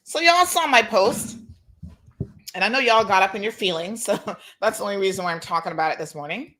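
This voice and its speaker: A woman hosting a talk show, telling a lively story and acting out the people in it. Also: medium pitch, brisk. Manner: animated, acts out quoted dialogue, laughs. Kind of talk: casual monologue, storytelling.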